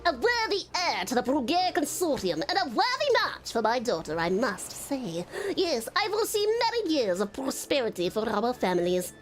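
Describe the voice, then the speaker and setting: A woman voicing a proud older nobleman father in a game playthrough, with stately, measured formal speech. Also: sits high, wildly swooping pitch, soft background music.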